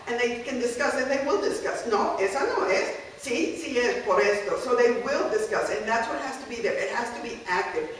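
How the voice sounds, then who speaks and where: A woman's voice: fairly high pitch, a little hiss or hum. A woman giving a workshop talk as a university Spanish instructor, explaining step by step and often checking in with "okay?". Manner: explanatory, frequent checking okays, mixes in Spanish phrases. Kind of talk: workshop presentation. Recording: echoey room, speaker far from mic.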